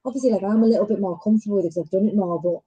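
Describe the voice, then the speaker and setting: A woman's voice: medium pitch, very fast, husky, dry recording, highs cut off. A woman, telling stories animatedly in casual chat as podcast host. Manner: animated storytelling, many fillers.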